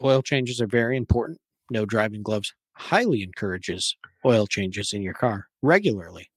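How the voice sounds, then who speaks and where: A man's voice: fairly low pitch, animated, moderate pace, dry recording. A man co-hosting a casual car podcast, making dry, wry quips. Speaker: podcast co-host. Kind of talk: casual chat.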